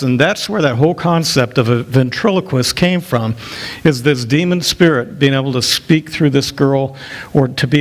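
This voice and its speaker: A middle-aged male pastor preaching an expository sermon, rising to emphatic peaks when he quotes scripture. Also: medium pitch.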